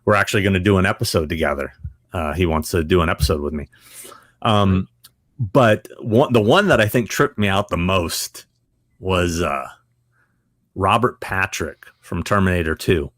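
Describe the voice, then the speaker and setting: Man, podcast guest, casual storytelling, acts out quotes, laughs often, lowish voice, dry sound. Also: moderate pace, dry recording. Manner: animated storyteller who acts out quoted dialogue; laughs often while telling stories.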